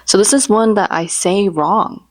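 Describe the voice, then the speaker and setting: A woman's voice: medium pitch, measured pace, dry recording. A woman vlogging in a casual, rambling, chatty way, joking about her favorite memes and impressions. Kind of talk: casual chat.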